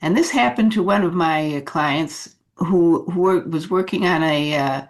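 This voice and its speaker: A woman leadership coach giving advice in an unhurried talk, with many fillers and restarts. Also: on the low side.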